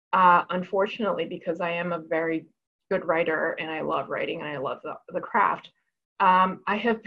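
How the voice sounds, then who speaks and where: A woman's voice: fairly low pitch, fairly bright tone, lo-fi sound. A woman lawyer and author speaking frankly and reflectively as an interview guest, often restarting her sentences. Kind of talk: candid conversational interview.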